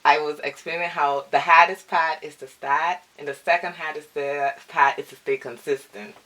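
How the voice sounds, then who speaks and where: Young female vlogger, French accent, low voice, bright tone, casual rambling chat. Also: fairly even intonation, normal speed. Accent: French-accented English. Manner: chatty, grateful, rambling with restarts. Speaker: vlogger and streamer.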